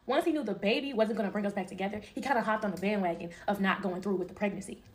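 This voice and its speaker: A young woman telling a casual storytime, emphatic and slangy, acting out what others said and laughing often. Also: mid-range voice. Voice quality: animated, emphatic, quick to laugh. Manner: slangy and expressive, acting out quoted lines.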